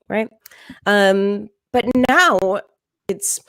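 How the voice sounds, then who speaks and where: A young adult woman-voiced comedian doing a stand-up set from home in a deadpan tone, with frequent ums and little laughs. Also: a little high, slow pace, no room sound, poor audio. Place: home, virtual show.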